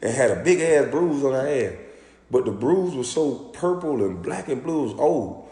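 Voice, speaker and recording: A former pro basketball player telling a story in an animated, profane, indignant rant. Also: male voice, medium pitch, moderate pace. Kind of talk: ranting storytelling monologue. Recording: echoey room with long reverb.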